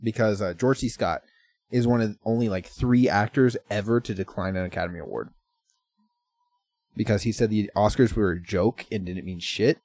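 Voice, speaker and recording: A man's voice: on the low side, normal speed, a little mellow, dry recording. A man chatting casually as a podcast co-host, rambling through movie plots, laughing often and swearing freely. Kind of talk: casual chat.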